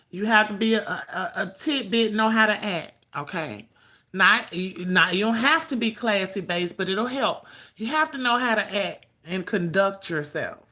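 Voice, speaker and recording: A woman's voice: fairly low pitch, bright, forceful tone. Sassy woman chatting on a livestream. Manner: sassy, profane, greets viewers by name. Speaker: livestream host. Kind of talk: casual livestream chat.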